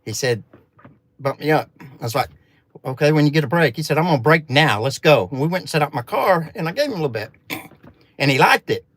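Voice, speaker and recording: A man's voice: on the high side, lively intonation, a little fast, long pauses, fairly bright tone. A man from Arkansas with a Southern accent, telling a rambling, profane story in a folksy, casual way.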